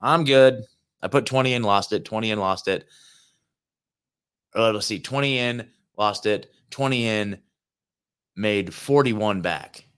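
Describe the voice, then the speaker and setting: A man's voice: lowish voice, measured pace, pauses often, fairly bright tone, smooth. A man hosting his own show, telling a road-trip story in a loose, rambling monologue full of filler words and swearing, recorded in a hotel room. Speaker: host.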